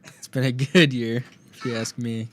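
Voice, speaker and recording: A man's voice: medium pitch, steady tone, normal speed, a bit bright, a little hiss or hum. A young man co-hosting a casual podcast, rambling and joking with lots of slang. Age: young adult. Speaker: podcast co-host. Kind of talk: casual chat.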